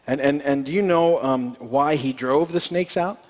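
A man's voice: on the high side, moderate pace, big-room sound. A man preaching a sermon as a pastor, folksy and hesitant with many fillers, telling a joke and reading scripture.

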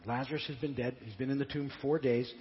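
A man's voice: medium pitch, fairly even intonation, quick pace, a little hiss or hum. A male pastor giving a sermon, retelling a story conversationally and often stammering and repeating words. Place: church sanctuary. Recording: dull lo-fi church recording with long reverb.

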